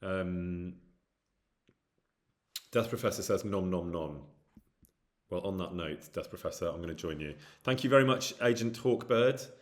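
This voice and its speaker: A man's voice: low voice, unhurried, long pauses. A man from near Birmingham with a Brummie accent, casually chatting with his livestream viewers and reading out their comments in a self-deprecating way. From English Midlands, near Birmingham. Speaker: livestream host. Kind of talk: casual chat with stream viewers.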